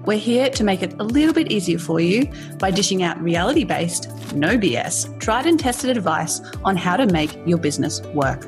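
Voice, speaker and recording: A woman's voice: fairly low pitch, animated, normal speed, music in the background. A woman co-host reading a scripted podcast intro in a blunt, upbeat way.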